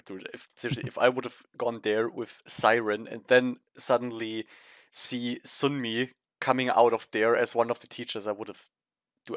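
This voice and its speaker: A man's voice: mid-range voice, a bit bright, dry recording. Blunt German man giving opinions. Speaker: podcast co-host. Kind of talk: casual chat reviewing performances.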